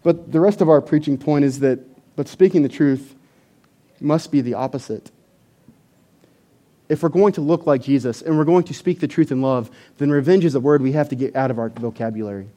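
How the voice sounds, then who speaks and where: A man preaching a sermon to a church audience, animated and emphatic, often repeating words. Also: mid-range voice, a little fast.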